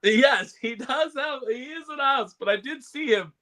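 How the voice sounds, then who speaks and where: A man's voice: very high voice, moderate pace, sharp tone. A man co-hosting a casual podcast chat, rambling with lots of fillers and laughs. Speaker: podcast co-host.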